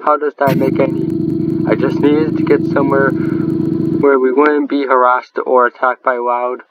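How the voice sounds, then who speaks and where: A man voicing the tired young man Fever in a fan-made game cutscene dub, speaking casually and slowly. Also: mid-range voice, level tone, phone-quality sound, very noisy. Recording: loud music underneath.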